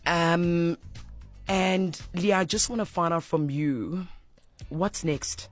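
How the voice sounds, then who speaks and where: A woman hosting a radio show talks with a guest in the studio. Her voice sits slightly low for a woman. She is effusive and encouraging, praising the guest freely. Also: slow pace, soft background music. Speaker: radio host.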